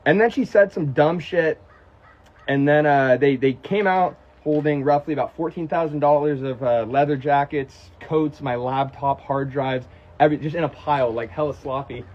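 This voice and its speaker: A young American man on a casual livestream, reading out fan questions and telling stories in a profane, animated way. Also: fairly high pitch, moderate pace, dull audio. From United States. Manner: profane, animated storytelling, answering chat questions. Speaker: musician on a livestream.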